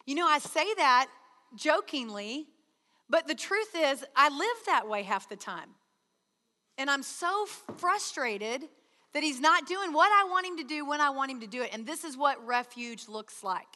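Woman retreat speaker, high bright voice, earnest sermon, hall reverb. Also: very animated, unhurried. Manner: earnest, acts out prayer dialogues with God. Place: large hall.

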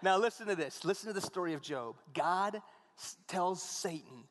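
Animated male preacher in echoing hall. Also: sits high, normal speed. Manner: animated storytelling, acts out dialogue. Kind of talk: sermon.

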